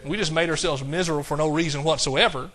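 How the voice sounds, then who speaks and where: A man preaching a sermon in a folksy way, slowing down to quote scripture in a measured cadence and chuckling at his own jokes. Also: on the high side, steady tone, a bit bright.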